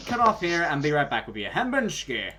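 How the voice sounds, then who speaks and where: Animated, laughing podcast host. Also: mid-range voice, normal speed, slight background noise. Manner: animated, laughing, with crude asides. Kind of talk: casual chat over a call.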